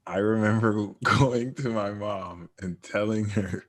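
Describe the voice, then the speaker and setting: A man's voice: fairly low pitch, slow, hardly any pauses. A man guest in a casual astrology chat, often hesitating and trailing off with "like" and "I don't know". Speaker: podcast guest.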